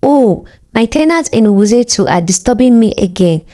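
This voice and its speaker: A woman voicing a smooth-talking young man who fakes a wealthy life, boasting with easy confidence. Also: high voice, lively intonation, moderate pace, mellow. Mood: lazy.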